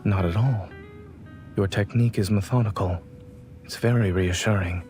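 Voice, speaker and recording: An actor playing a calm, composed male doctor in a romance game, speaking in a measured, quiet way. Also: fairly low pitch, soft background music, natural voice. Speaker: doctor love interest. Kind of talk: game voice acting.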